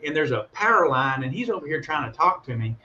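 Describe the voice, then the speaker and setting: A man casually telling a story on a call, animated and acting out the voices of the people in it. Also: on the high side, fast, highs cut off, slight background noise. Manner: animated, acts out voices in his stories. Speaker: guest calling in.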